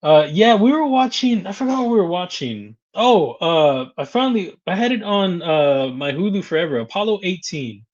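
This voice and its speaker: In a high-pitched, animated voice at a moderate pace with few pauses, a man chats through a casual live stream. He greets viewers by name, reads out their comments and laughs often between remarks, all on a lo-fi recording.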